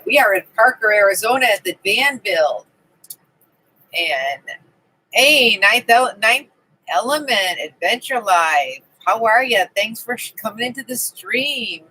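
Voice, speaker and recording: A woman's voice: mid-range voice, lively intonation, measured pace, sharp tone, breathy edge, low-quality recording. A woman hosting a casual live stream from her camping trailer, chatting and greeting viewers by name. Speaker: livestream host.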